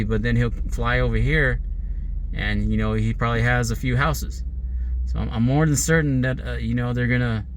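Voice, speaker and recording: A man's voice: mid-range voice, slight background noise. A man sitting in his car, giving an angry, rambling monologue to the camera about grievances and threats. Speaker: vlogger.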